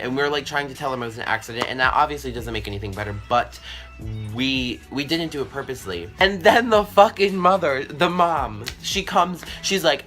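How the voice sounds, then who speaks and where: Bright-voiced young man telling a story. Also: medium pitch, moderate pace, soft background music. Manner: animated, profane, chatty with many fillers. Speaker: vlogger. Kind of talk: storytime vlog.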